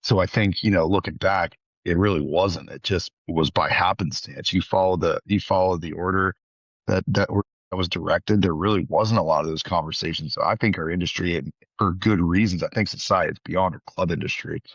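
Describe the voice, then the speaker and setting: A man's voice: low voice, fairly even intonation, fairly quick, a bit bright, breathy edge, no room sound. A man hosting a podcast interview, talking reflectively and restarting his sentences as he thinks aloud. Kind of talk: conversational interview. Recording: dull lo-fi audio.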